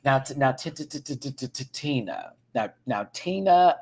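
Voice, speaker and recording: Sassy, animated male show reviewer. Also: medium pitch, moderate pace, vocal fry, a little hiss or hum. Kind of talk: casual ranting recap.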